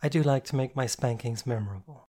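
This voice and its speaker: A male audiobook reader voicing a playful, affectionate woman who teases softly. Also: medium pitch, quick pace, close to an everyday voice. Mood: teasing. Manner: teasing, soft and fond. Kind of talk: audiobook character reading.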